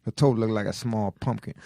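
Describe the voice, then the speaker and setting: A man's voice: fairly low pitch, moderate pace, gravelly, mellow, no echo, clean studio sound. A man, co-hosting a comedy podcast, telling a story in a repetitive, exasperated, drawling way. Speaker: podcast co-host.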